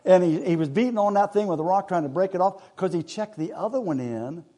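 A man's voice: high voice, fairly quick, mellow. Folksy man telling a hunting story. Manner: folksy, rambling, laughs while telling. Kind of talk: casual storytelling.

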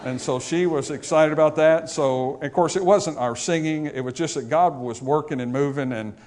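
A pastor giving a funeral sermon, telling a story and explaining scripture in a conversational way. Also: male voice, a little high, normal speed, a little mellow.

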